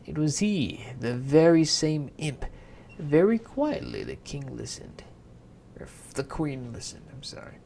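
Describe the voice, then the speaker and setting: Playful gravelly storybook reader. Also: mid-range voice, a little mellow, a little hiss or hum. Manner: playful, self-interrupting. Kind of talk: casual storybook read-aloud with asides. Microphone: home microphone.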